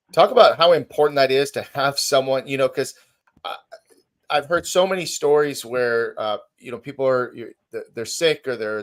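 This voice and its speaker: A man hosting a podcast, asking halting, supportive questions. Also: mid-range voice. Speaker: podcast host. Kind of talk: interview questions.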